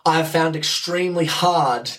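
A man's voice: fairly high pitch, normal speed, fairly bright tone, distant mic. A young man, talking casually and enthusiastically on his podcast, rambling and swearing as he goes. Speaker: podcast host.

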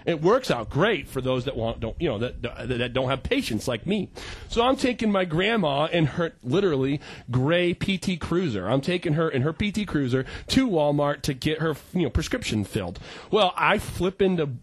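A male pastor preaching a sermon, telling stories with acted-out voices and shouting for emphasis. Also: on the high side, moderate pace, breathy edge, no echo. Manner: animated storyteller, acts out voices and shouts for emphasis.

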